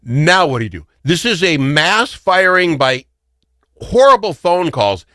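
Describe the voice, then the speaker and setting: A man's voice: on the high side, sing-song, a little slow, sharp tone, no echo. A middle-aged man hosting a talk radio show, rambling through stories and joking with frequent laughs. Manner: rambling, joking storyteller who laughs often. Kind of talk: casual talk radio chat.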